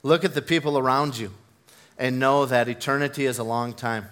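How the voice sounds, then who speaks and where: A man's voice: mid-range voice, steady tone, a little fast, a bit bright. A man preaching a sermon, earnest and building to fervent emphasis, mixing in personal stories. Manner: tells personal stories with self-deprecating laughs.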